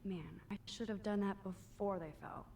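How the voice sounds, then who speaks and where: A woman's voice: mid-range voice, steady tone, moderate pace, warm tone, a little hiss or hum, lightly acted. An actress voicing a shy, wry teenage girl photographer in a video game, with dry, understated asides. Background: game music.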